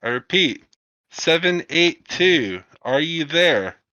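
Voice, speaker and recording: A man's voice: fairly high pitch, expressive, slow pace, bright, forceful tone, dry recording, dull audio, pitched above the performer's own voice, exaggerated voice. A man voicing a male radio dispatcher urgently calling a missing pilot in a sci-fi tabletop game. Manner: urgent, repeating a call sign.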